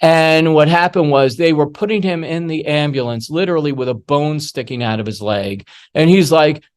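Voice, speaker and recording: A middle-aged man giving a workshop masterclass on security awareness, telling stories in a lively way and acting out the voices he quotes. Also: on the high side, normal speed, few pauses.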